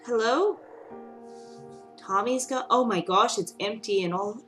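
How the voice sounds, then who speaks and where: A woman's voice: fairly high pitch, expressive, takes it slowly, a bit bright, faint music behind. A woman gamer doing let's play commentary, reacting emotionally with frequent exclamations and reading the game's text aloud.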